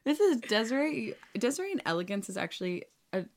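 A woman's voice: on the high side, very animated, fast talker. A woman co-hosting a podcast in casual chat, bubbly and teasing, laughing often. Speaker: podcast co-host. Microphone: call recording.

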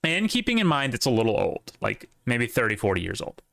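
A man's voice: mid-range voice, wildly swooping pitch, fairly quick, gravelly, a bit bright, no room sound, clean studio sound. A man with a light Southern accent, chatting casually on a podcast in a rambling, profane way. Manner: rambling, profane, lots of restarts. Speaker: podcast co-host.

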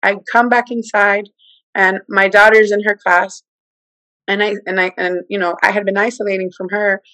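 A middle-aged woman telling a personal story in casual, animated talk, acting out what people said. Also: normal speed, dry recording, poor audio. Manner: animated, acts out quoted speech with big pitch jumps. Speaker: guest telling her testimony.

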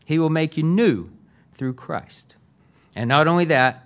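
Earnest middle-aged pastor preaching casually. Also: male voice, medium pitch. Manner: conversational, earnest, uses fillers. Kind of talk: sermon.

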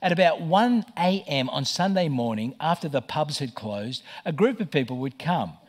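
A middle-aged man preaching a sermon as pastor, telling stories with lively stammered restarts. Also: fairly high pitch, moderate pace. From Australia. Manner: animated storytelling with stammered restarts.

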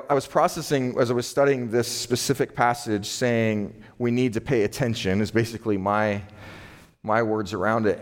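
A middle-aged man preaching a sermon in a relaxed, conversational way, acting out everyday exchanges. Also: mid-range voice. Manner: conversational, acts out quoted exchanges with laughs. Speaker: pastor.

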